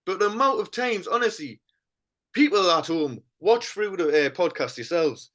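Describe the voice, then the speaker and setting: A man's voice: high-pitched, lively intonation, normal speed, a bit bright. A man with a Geordie accent co-hosting a podcast, chatting casually, passionate and swearing freely. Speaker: podcast co-host. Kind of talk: casual chat.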